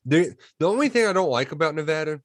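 A man co-hosting a casual college football podcast, talking in animated, excitable bursts. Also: a little high, fast talker, no room sound, clean studio sound. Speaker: podcast co-host. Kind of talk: casual sports chat.

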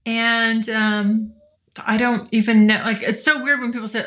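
A woman's voice: a little high, steady tone, normal speed, sharp tone. A woman in her forties hosting a casual solo podcast, talking candidly, swearing freely and laughing often. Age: 40s. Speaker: podcast host. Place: home, morning with coffee.

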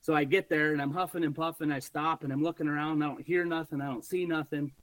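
A man guesting on a podcast, telling a hunting story in an animated, casual way and swearing freely. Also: on the high side, fast talker, dry recording, rough recording.

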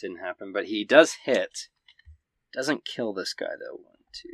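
A man narrating as game master, giving quick, vivid play-by-play of a fight. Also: on the low side, expressive, no room sound.

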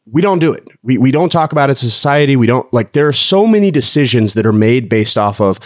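A man speaking as a panelist in a discussion, talking in a measured, reflective way. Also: mid-range voice, expressive, no echo, studio quality.

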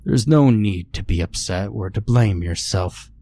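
A man voicing an old, frail pastor who speaks calmly and soothingly. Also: lowish voice. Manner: calming, measured.

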